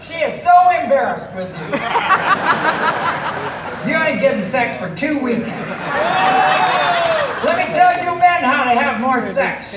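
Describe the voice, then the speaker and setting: Over a loud crowd, an American comedian with a high pitch performs live in a sing-song, drawn-out style, punctuated by emphatic bursts of shouting. He's picked up from afar in an echoey, noisy room.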